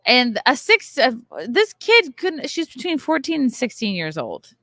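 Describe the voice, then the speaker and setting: A woman's voice: high-pitched, huge pitch swings, measured pace, a bit bright, no echo, clean studio sound. A woman in her thirties hosting a podcast from a hotel bar, telling a story in a loose, profane, ranting way. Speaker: podcast host. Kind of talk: casual chat.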